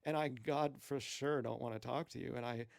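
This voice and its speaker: A man's voice: medium pitch, steady tone, moderate pace, gravelly, no echo, clean studio sound. A man rambling through a meandering, profane, self-questioning monologue as a streamer.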